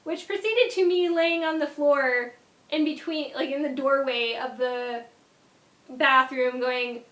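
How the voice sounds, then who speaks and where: A young woman vlogger telling a casual story in an animated way, often dropping into quiet asides. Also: high voice, takes it slowly, roomy sound.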